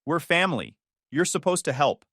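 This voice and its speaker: A man's voice: a little high, animated, moderate pace, sharp tone, husky, dry recording, studio quality, pitched above the performer's own voice, full character voice. A man voicing a desperate adult sister who pleads and accuses in a raised voice. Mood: angry. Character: desperate angry adult sister, self-pitying.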